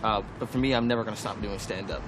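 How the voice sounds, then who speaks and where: A man's voice: fairly low pitch, steady tone, very fast, over music, rough recording. A man talking plainly and matter-of-factly about his goals in a short interview clip. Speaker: comedian in interview.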